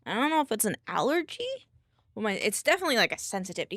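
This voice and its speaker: A woman's voice: fairly high pitch, sing-song, racing, a bit bright, no echo, studio quality. A woman streamer chatting casually while she works, rambling with many restarts and fillers. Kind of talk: casual chat while working.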